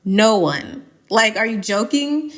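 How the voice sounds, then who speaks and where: A woman's voice: mid-range voice, very animated, slow pace. A young woman from Atlanta, a podcast guest chatting casually and emphatically, laughing often as she gives strong opinions. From Atlanta, United States.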